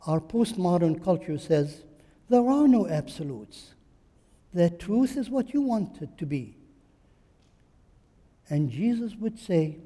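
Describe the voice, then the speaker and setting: A man's voice: high-pitched, lively intonation, slow pace, long pauses, mellow, in a large hall. A man preaching a sermon, driving his points home with emphatic rhetorical questions and repetition.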